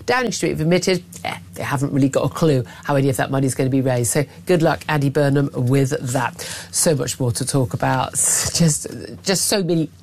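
A woman hosting a talk radio show, brisk and sardonic, chatting with asides from a studio, a little worse for wear. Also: rumbling low, darkish tone, slight background noise. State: a bit hungover. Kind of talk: opinionated casual talk radio.

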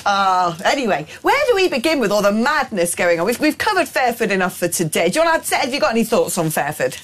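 Lively wry woman. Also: medium pitch, quick pace. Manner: wry, exclamatory, teasing. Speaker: co-host. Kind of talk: casual political chat.

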